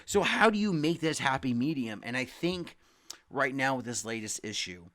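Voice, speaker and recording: A young man talking casually about comics, rambling, swearing freely and loudly acting out quotes. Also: medium pitch, animated, moderate pace. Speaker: comic book podcast host. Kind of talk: casual comic review rant.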